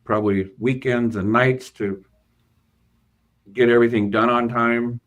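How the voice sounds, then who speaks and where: A man's voice: medium pitch, fairly even intonation, measured pace, a bit bright. A man, a bank finance executive, being interviewed and earnestly recounting a work story, with frequent fillers and restarts. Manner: earnest, hesitant with many fillers and repeated starts. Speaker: bank CFO, guest.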